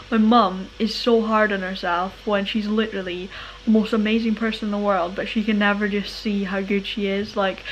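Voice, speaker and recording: A young woman, chatting casually and brightly in her vlog, often laughing. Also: medium pitch, slight background noise, poor audio. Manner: bubbly, giggly, chatty. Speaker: vlogger.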